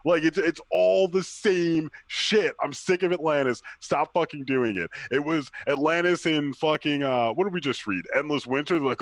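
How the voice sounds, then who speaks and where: A man co-hosts a comics podcast in a slightly higher voice, swearing freely and often laughing. His sound is dry and close, with no room around it. He talks casually, in an irritated way. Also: normal speed, fairly bright tone, no echo. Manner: ranting, profane, laughs often. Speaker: podcast co-host. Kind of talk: casual chat.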